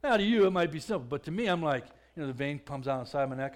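A man with a somewhat high-pitched voice tells his own story as a testimony. He talks plainly and conversationally, stumbling over and repeating words. His voice swells louder at the tense moments. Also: animated, quick pace, few pauses. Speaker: speaker giving a testimony.

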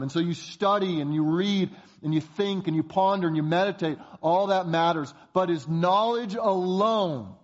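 A man's voice: sits high, muffled recording. A man preaching a sermon, emphatic, posing rhetorical questions at a varying pace. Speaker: pastor.

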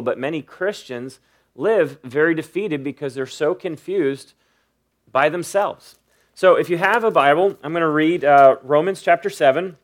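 Middle-aged pastor guy preaching, earnest, slowish scripture reading, kinda higher voice. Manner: earnest, reads scripture slowly with emphasis. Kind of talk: sermon.

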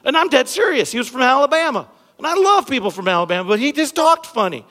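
Preaching fast from a church stage under bright lights, a pastor in his thirties mixes humor and conversational asides with his congregation. His expressive voice sits high for a man and sounds pushed and bright as he hits key words hard. Every phrase echoes with the big hall's long reverb.

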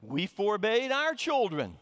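A man's voice: high-pitched, huge pitch swings, slow, fairly bright tone. A middle-aged man preaching a sermon as a pastor, telling a humorous story with frequent restarts, in a reverberant sanctuary. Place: church sanctuary.

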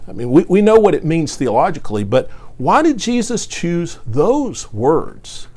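A man's voice: on the high side, sing-song, unhurried, darkish tone. A man preaching a sermon, reading scripture with earnest emphasis and often repeating words as he speaks.

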